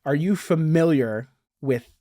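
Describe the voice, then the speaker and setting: A man's voice: fairly high pitch, slow, dark tone, no echo, studio quality. A man hosting a casual podcast, enthusiastic and reading book passages aloud. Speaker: podcast host.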